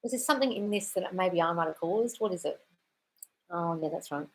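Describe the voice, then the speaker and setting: A fairly low-pitched woman talking a little fast hosts a live Q&A as a manifestation coach. She reads questions from the chat and answers bluntly, swearing freely and calling people darling.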